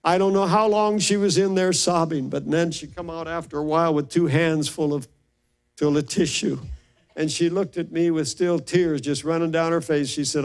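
A man's voice: fairly high pitch, steady tone, normal speed. An older man, a pastor, telling stories in an earnest, emotional sermon and often restarting his sentences. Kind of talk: sermon storytelling.

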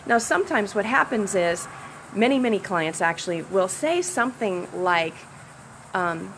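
Animated woman with a gravelly edge. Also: mid-range voice, a little slow, slight background noise, rough recording. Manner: animated, acts out quoted dialogue. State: slight sore throat. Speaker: self-love coach and hypnotherapist. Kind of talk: casual live-stream talk. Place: outdoors by the ocean.

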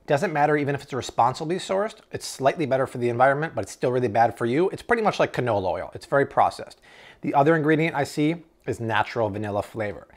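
A man in an enthusiastic grocery haul review, exclaiming and tasting products on camera. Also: mid-range voice. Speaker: food vlogger.

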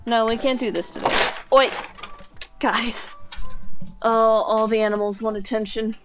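A woman's voice: on the high side, steady tone, measured pace, fairly bright tone, soft background music. A woman streaming live as she draws, chatting casually and cooing to her pets. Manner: chatty, coos and baby-talks to her pets. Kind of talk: casual chat while drawing.

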